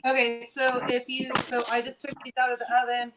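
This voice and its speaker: A woman's voice: fairly high pitch, completely flat delivery, a little fast. Chatty woman explaining over a noisy line. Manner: chatty, explaining steps while working. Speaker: panel guest. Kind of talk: casual chat.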